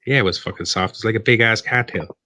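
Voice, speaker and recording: A man's voice: on the low side, fast talker, bright, forceful tone. An Irish man co-hosting a live stream, rambling and teasing in casual, profane banter. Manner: teasing, rambling, swears often. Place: live online stream panel.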